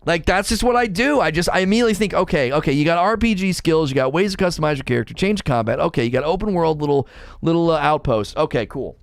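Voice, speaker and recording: Animated man ranting about games. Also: fairly high pitch, quick pace, vocal fry, clean tone, no echo, studio quality. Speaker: podcast co-host. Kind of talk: casual gaming commentary chat.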